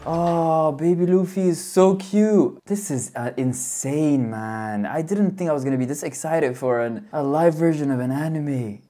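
A woman hosting a reaction video, talking casually in an excitable, slangy way and laughing often. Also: low voice, unhurried, few pauses.

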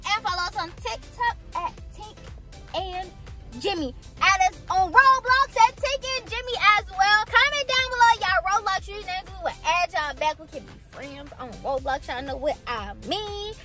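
Upbeat young woman vlogging, high and lively, music going behind her. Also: moderate pace. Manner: energetic, animated, slangy. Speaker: vlogger pranking her boyfriend. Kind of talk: casual vlog chat. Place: in a car.

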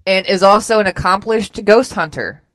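A woman's voice: mid-range voice, normal speed, dry recording, low-quality recording. A woman co-hosting a radio talk show, reading items from a list aloud in a chatty, casual way. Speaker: radio co-host.

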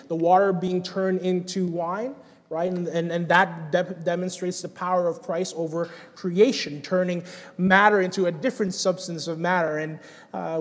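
A man preaching an earnest, animated expository sermon as pastor, often restarting his words. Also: high-pitched, in a large hall. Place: church hall.

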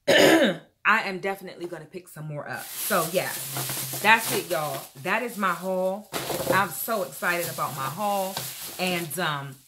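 A woman chatting casually to her viewers in an animated haul vlog, calling them y'all and feeling a little unwell. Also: on the low side, slight background noise. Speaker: vlogger.

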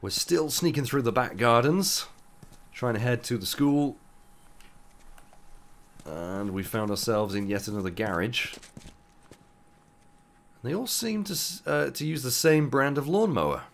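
A young man commentating a game playthrough in a chatty way, with loose asides, sounding groggy with a rough morning voice. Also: medium pitch, expressive, unhurried, pauses often. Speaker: gaming YouTuber. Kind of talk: let's play commentary.

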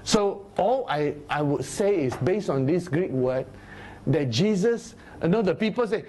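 A man teaching a Bible study sermon, animated, sometimes dropping into low, grave tones. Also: moderate pace. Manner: animated, acts out crowd voices in a raised voice; drops to low, grave tones for solemn points.

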